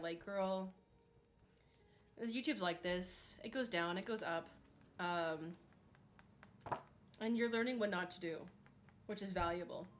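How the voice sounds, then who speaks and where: A young woman streaming, chatting casually and reading chat aloud, saying "like" a lot and laughing often. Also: medium pitch.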